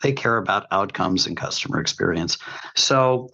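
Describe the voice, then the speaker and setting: A man's voice: low-pitched, expressive, moderate pace, gravelly, sharp tone. A man giving emphatic, opinionated commentary on a podcast, with folksy sayings, heard over slightly muffled remote audio. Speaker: healthcare commentator.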